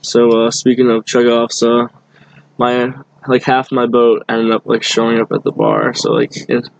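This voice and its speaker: A man's voice: mid-range voice, lively intonation, normal speed, vocal fry, low-quality recording. A young man from telling a rambling bar story in casual chat, full of fillers and restarts. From Boston area. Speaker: guest.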